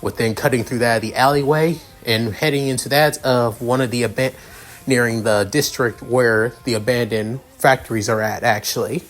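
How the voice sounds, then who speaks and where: A young man improvising a fan story aloud, rambling and restarting his sentences often. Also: medium pitch.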